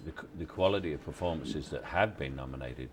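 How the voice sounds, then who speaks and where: A man, giving relaxed, halting interview answers on location at a film set, with many restarts and wry chuckles. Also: a bass voice, background noise. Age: 60s. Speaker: actor interviewee.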